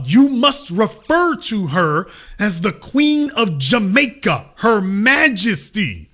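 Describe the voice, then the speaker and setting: A man's voice: high voice, very animated, slow pace, hardly any pauses, pushed and bright. A middle-aged man hosting a political commentary show, talking in an emphatic, sarcastic preaching cadence.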